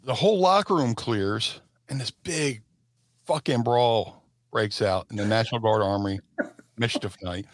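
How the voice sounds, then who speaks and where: A middle-aged man tells stories in an animated way, jumping into quick acted-out shouts. His voice sits in a middle pitch, recorded dry and close with no room sound. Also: no echo. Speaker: guest, former wrestler. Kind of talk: casual storytelling.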